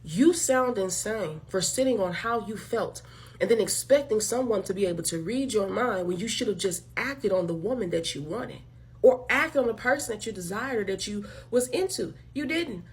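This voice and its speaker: A woman's voice: medium pitch, expressive, normal speed. A woman hosting her own channel, giving a blunt, emphatic, profane commentary rant straight to her viewers and calling them y'all. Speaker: channel host. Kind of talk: direct-to-camera commentary rant.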